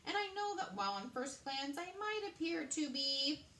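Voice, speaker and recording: A woman's voice: high-pitched, sing-song, moderate pace, sharp tone, slight background noise, voice pushed up, heavily acted. A woman voicing a polite, dignified male rat from far away who speaks formally and pleads his case, read aloud from a storybook in a roomy space. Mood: pleading. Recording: roomy echo.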